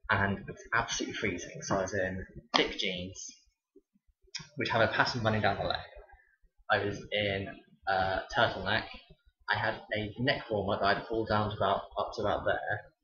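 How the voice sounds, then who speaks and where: Low-voiced young man in an echoey room. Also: pushed and bright. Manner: chatty and wry. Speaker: teacher. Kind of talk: casual storytelling vlog. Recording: dull roomy home recording.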